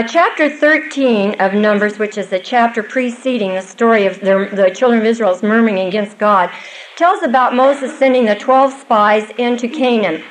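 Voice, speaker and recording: Older woman, Bible teacher, earnest, conversational, slightly high voice, faint hiss. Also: poor audio.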